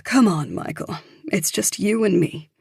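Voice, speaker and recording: A woman voicing a worried adult mother who talks in a soft, earnest, reassuring way in an audiobook. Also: mid-range voice, animated, unhurried, vocal fry, breathy edge, no room sound, studio quality, heavily acted.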